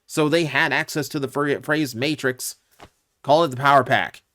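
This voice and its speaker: A man's voice: mid-range voice, moderate pace, fairly bright tone. A man hosting his own channel, giving casual, opinionated commentary with lots of asides and fillers. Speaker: YouTube channel host.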